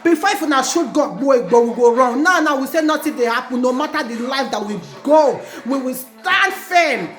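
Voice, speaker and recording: In this protest vlog, a Nigerian vlogger living in Italy angrily rants and repeatedly chants slogans. She speaks in a high, animated voice at a moderate pace with few pauses, and her tone is fairly bright. Music plays in an echoey room.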